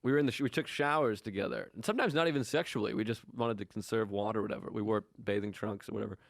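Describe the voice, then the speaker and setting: A man's voice: on the low side, racing, gravelly, dry recording, studio quality. A young man co-hosting a comedy podcast, telling crude stories in casual chat and laughing often. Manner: crude storytelling, acts out voices, laughs often. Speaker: podcast co-host.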